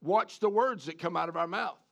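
A man preaches a sermon in a high, gravelly voice at a moderate pace. He's animated, trips over repeated words, and keeps turning to the congregation with questions.

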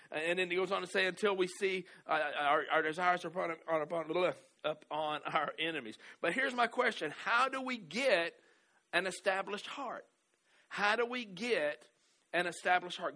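A man's voice: sits high, bright, forceful tone. A male pastor preaching a sermon in a church hall, stressing key words, repeating phrases and often restarting his sentences. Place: church hall with a pole in the room.

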